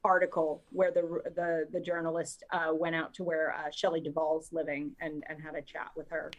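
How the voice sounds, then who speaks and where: A woman's voice: low-pitched, flat delivery, moderate pace, rough recording. Woman co-hosting a movie podcast. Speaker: podcast co-host. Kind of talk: casual chat.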